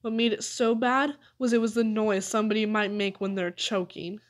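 A woman narrating a children's story aloud with an expressive reading. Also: mid-range voice, moderate pace. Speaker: audiobook reader.

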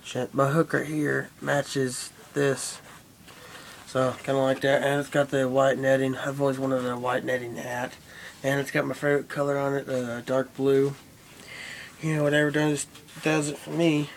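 A man's voice: mid-range voice, flat delivery, normal speed, vocal fry, a little hiss or hum. A young man rambling casually and profanely to his camera, with lots of fillers. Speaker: vlogger. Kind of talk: casual vlog chat.

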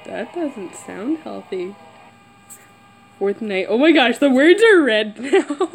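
A woman's voice: high voice, expressive, slow, poor audio. A woman playing a horror game and talking to herself, jumpy and nervous, squealing and giggling. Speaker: gamer. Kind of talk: horror game let's play commentary. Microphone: camera mic.

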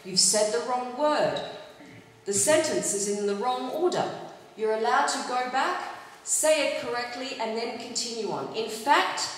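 A woman's voice: fairly high pitch, measured pace. Woman teacher in an echoey hall. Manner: clear and instructive, checking in with "okay?". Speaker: English teacher. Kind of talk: giving exam advice to students. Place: large hall with an audience. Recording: echoey hall, faint noise.

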